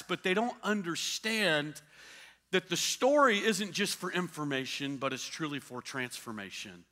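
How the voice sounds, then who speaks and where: A man's voice: fairly high pitch, long reverb tail. A man preaching a sermon as pastor, telling stories animatedly and acting out the quotes. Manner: animated storytelling with acted-out quotes. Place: church.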